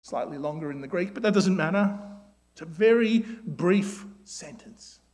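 A man preaching a sermon, asking his listeners rhetorical questions and often ending his points with tag questions like "isn't it?", then dropping to a soft, slow voice when he quotes a prayer. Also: sits high, lively intonation.

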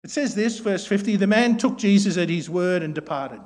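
A man delivering a sermon in a notably high voice. He poses question after question to the congregation and often tags his points with a quick "isn't it?". When he quotes a plea or a prayer, he softens and slows right down. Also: lively intonation. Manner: asks rhetorical questions with tag questions, drops to a soft voice for quoted prayers. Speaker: preacher.

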